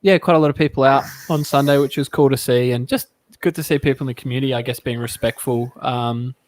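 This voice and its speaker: A man co-hosting a casual podcast. His pitch sits in the middle range, and he rambles in an easygoing way, drifting from point to point. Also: fairly even intonation, quick pace. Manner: easygoing, rambling, many fillers. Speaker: podcast co-host.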